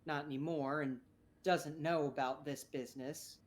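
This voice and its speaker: A woman's voice: sits low, fairly even intonation, normal speed, close to an everyday voice. A woman voicing a frightened but defiant mother, pleading and then turning curt. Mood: desperate.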